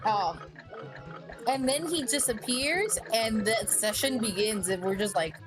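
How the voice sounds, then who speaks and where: A woman casually recounting a tabletop game session with animated, expressive delivery, swearing freely and laughing often. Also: fairly high pitch, a little slow, music in the background. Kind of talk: casual storytelling on a stream.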